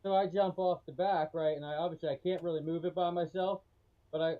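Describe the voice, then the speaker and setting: A man's voice: fairly high pitch, steady tone, a little fast, narrow, tinny audio. A man playing a tabletop game, chatty and full of questions. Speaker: player. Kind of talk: casual tabletop game chat.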